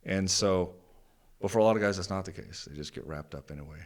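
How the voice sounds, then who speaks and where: A man's voice: low voice, fast talker. Blunt, profane man telling his story. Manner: blunt, profane, animated when retelling anger. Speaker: podcast guest. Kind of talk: candid storytelling interview.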